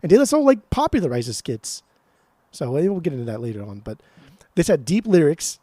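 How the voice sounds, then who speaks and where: A man co-hosting a podcast in casual chat, talking excitedly and swearing freely as he gushes about music. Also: a little high, a little fast, no room sound. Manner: excitable, swears often, animated enthusiasm. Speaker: podcast co-host.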